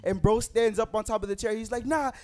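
A young man, telling a story to friends in an excitable, slangy way and acting out the quotes. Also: high-pitched, fast. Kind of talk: casual storytelling among friends.

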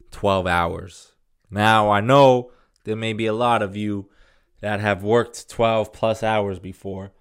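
A man talks alone into a podcast mic in a fairly low voice, in a loose, rambling monologue. He speaks slowly and swears casually, and he pokes fun at himself as he goes. His delivery stays relaxed and unhurried. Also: clear, resonant tone. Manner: rambling, profane, self-deprecating. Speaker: solo podcast host. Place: room alone.

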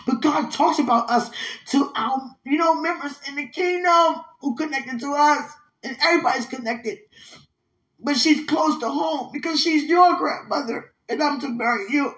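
A young woman pours out a heartfelt, spiritual message to her partner in a somewhat high voice. She is tearful at moments and swings from loud, emphatic bursts down to quiet, hushed asides. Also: measured pace. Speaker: vlogger speaking to her partner. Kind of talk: emotional spiritual monologue.

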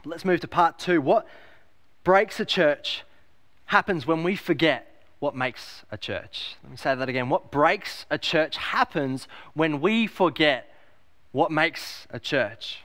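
A pastor preaches a sermon with emphasis, his fairly bright voice a little higher than most men's. Expressive and unhurried, he repeats key phrases, puts rhetorical questions to the congregation, and raises his voice on quoted lines.

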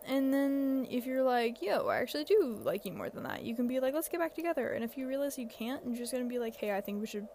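A woman's voice: sits high, expressive, fast, few pauses, warm tone, a little hiss or hum. A seventeen-year-old girl hosting a podcast, giving casual, rambling advice with lots of fillers and self-deprecating asides. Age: teens. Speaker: podcast host.

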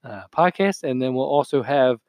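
A man's voice: mid-range voice, expressive, normal speed, a little mellow, no room sound. A man co-hosting a podcast, teasing the others with dry reactions and telling a workplace story. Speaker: podcast co-host. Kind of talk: casual banter.

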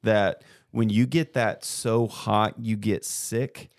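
A man hosting a podcast in casual chat, animated, with quick jumps in pitch. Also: dry recording, studio quality. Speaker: podcast host.

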